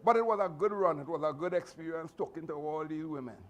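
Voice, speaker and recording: A man with a Trinidadian accent, telling animated, chatty stories to a martial arts class with laughing asides. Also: a little high, fast talker. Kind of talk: storytelling speech to a class.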